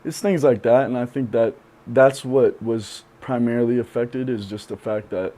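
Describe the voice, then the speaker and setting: A young man being interviewed on a podcast, speaking candidly and reflectively, with many pauses and fillers. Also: medium pitch, dark tone. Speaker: podcast guest.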